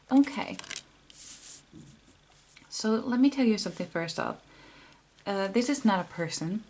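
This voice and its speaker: A woman reading tarot cards for her viewers, speaking slowly and letting her thoughts wander. Her voice has a gravelly, fry-tinged edge, and she sounds soft and heartfelt. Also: on the low side, slight background noise. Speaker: tarot card reader.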